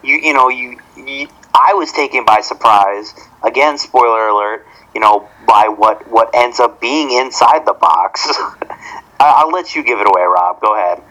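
An excitable man in casual movie talk with a bright, forceful voice. He laughs often and leaves his sentences hanging while he hands the story over. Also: medium pitch, moderate pace, low-quality recording. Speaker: podcast co-host.

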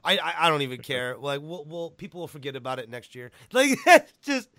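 A man hosting a podcast in casual chat, excitable and joking, swearing freely. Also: on the high side, fairly quick, no room sound. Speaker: podcast host.

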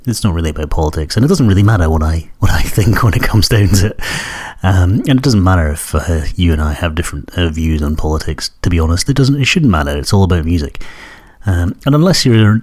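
Hosting a podcast, a thirtysomething man from Scotland, whose accent hints at Newcastle, rambles casually and self-deprecatingly, leaning heavily on fillers. He has a low voice with a darkish tone.

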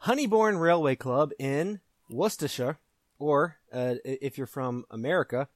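A man's voice: mid-range voice, moderate pace, dry recording, studio quality. A man hosting a casual quiz, reading strange news articles aloud in a wry, mock-formal way. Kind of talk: casual podcast banter.

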